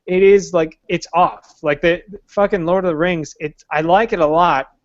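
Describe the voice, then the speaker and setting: A man with a high voice co-hosts a casual podcast. He swears freely and jumps into an even higher voice to mimic characters. The sound is dry and close, with dull lo-fi audio. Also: normal speed, no echo. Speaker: podcast co-host. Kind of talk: casual chat.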